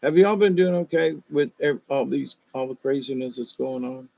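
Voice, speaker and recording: Older male livestream host, slight Southern accent, rambling and halting, mid-pitched, muffled lo-fi sound. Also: creaky, no echo. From Ohio, USA. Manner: meandering, hesitant, many fillers. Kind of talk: rambling casual monologue.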